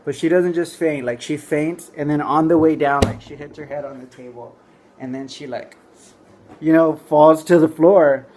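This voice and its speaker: A man's voice: on the high side, steady tone, moderate pace, darkish tone, a little hiss or hum. Rambling man telling a comic story. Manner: rambling, full of "like" and "you know". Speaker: comedian storyteller.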